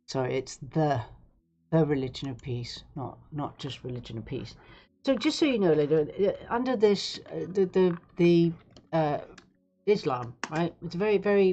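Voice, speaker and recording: A woman's voice: sits low, warm tone, highs cut off, a little hiss or hum. A woman hosting a live stream, talking in a rambling, sarcastic, digressive way. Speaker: livestream host. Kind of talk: casual live-stream commentary.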